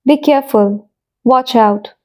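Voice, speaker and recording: A woman reading an English vocabulary lesson as short phrase pairs, with a pause after each phrase. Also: high-pitched, mellow. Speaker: English teacher. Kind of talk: slow scripted vocabulary lesson.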